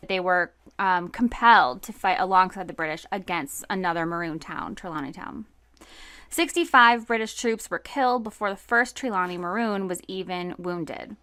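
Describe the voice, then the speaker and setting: Co-hosting a history podcast, a woman narrates conversationally, reading notes before riffing loosely with fillers and asides. She has a mid-range, pushed, bright voice, captured in a dry recording.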